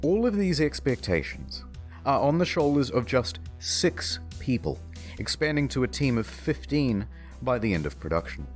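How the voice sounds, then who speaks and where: A man's voice: medium pitch, very animated, moderate pace. A man giving dry, wry scripted comedic narration for an internet documentary, with sudden jokes. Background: background music.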